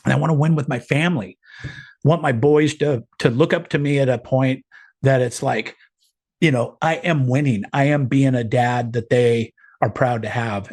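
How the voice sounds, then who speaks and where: A man's voice: medium pitch, a little mellow, breathy edge. A middle-aged man leading a group video call, giving an earnest, encouraging motivational talk with frequent restarts.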